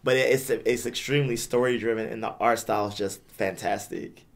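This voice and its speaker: Young male co-host, loose rambling delivery with frequent restarts, average pitch. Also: steady tone, a little fast. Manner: rambling, stumbles and repeats words. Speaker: podcast co-host back from a gaming convention. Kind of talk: casual chat.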